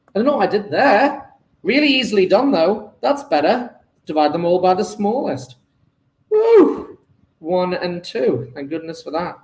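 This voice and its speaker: Male tutor, high and lively, muttering through problems in an echoey room. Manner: thinks aloud, talks to himself while working sums. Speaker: chemistry tutor. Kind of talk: exam paper walkthrough.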